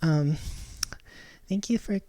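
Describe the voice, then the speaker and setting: A woman's voice: deep voice, slow, mellow, dry recording. A woman chatting casually on her live stream, rambling and giggling, often restarting her sentences.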